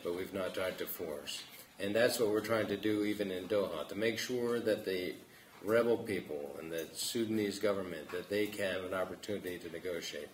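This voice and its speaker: A man in his fifties with a very deep voice gives slow, reassuring remarks as a government envoy, pausing often with "uh". The sound carries the echo of a large lecture hall, with faint room noise underneath. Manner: deliberate, reassuring, pauses with "uh". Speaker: government envoy answering a panel. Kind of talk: measured public remarks.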